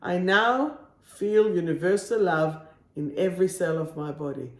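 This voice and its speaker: Slow, soothing woman reading affirmation cards. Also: lowish voice, echoey room. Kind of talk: live-stream card reading.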